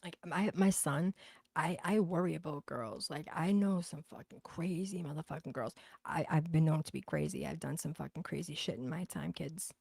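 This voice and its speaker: Woman, thick Boston accent, low gravelly voice, blunt and profane, dry close sound. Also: normal speed, a little mellow, dry recording. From Boston, USA. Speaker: livestream host. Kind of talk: casual livestream chat, reading comments.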